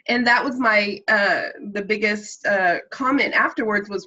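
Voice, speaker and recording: A woman's voice: on the high side, moderate pace, few pauses, sharp tone. A woman from Texas with a mild Texan accent, chatting earnestly on a video call and rambling with many ums. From Texas, USA. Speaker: meeting participant. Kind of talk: casual chat on a video call. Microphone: computer mic on a video call. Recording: slightly muffled call audio.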